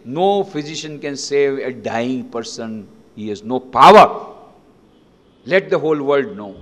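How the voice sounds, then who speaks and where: A man's voice: medium pitch, lively intonation, a little slow, fairly bright tone. A man voicing a dying, resigned emperor who speaks in a subdued, solemn way. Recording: long reverb in a lecture hall.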